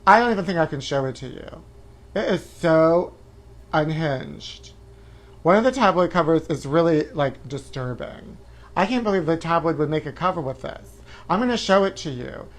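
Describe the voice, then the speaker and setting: A man hosting a live-stream chat show, campy and flamboyant, calling viewers honey and letting out shrill woos. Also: expressive, moderate pace. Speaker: host.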